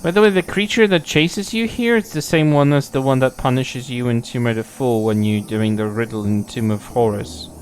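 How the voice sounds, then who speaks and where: A man's voice: mid-range voice, moderate pace, hardly any pauses, a little hiss or hum. A young man streaming a game, chatting casually, playful and swearing freely. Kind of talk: casual gameplay commentary.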